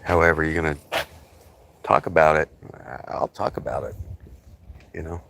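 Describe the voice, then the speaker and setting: Very deep-voiced middle-aged man livestreaming. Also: fairly even intonation, normal speed, creaky, fairly bright tone, a little hiss or hum. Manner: rambling, talkative, greets viewers by name. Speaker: livestream host. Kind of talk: casual livestream chat.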